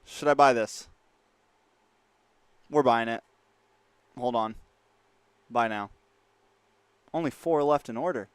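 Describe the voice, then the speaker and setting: A man's voice: mid-range voice, slow, pauses often, clean tone, no echo. Laughing young streamer guy. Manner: laughs often, talks straight to chat. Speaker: livestreamer and esports caster. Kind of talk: casual livestream chat.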